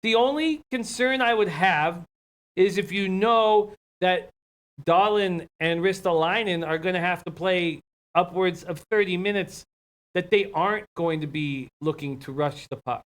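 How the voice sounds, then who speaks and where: High-voiced male betting co-host. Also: a little slow, fairly bright tone. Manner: conversational, breaks down hockey and basketball bets. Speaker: sports betting show co-host. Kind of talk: casual betting chat.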